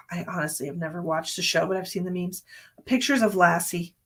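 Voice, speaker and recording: A woman psychic medium gives a live-streamed reading, chatty but sleepy and yawning, thinking aloud with many fillers. Her voice is fairly low in pitch, a bit bright, at a moderate pace.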